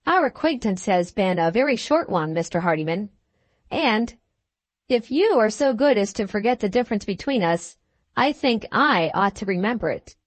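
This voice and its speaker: A woman's voice: mid-range voice, lively intonation, normal speed, no echo, lightly acted. A woman reading the part of a grave, polite young woman in an audiobook, in a reserved, proper manner.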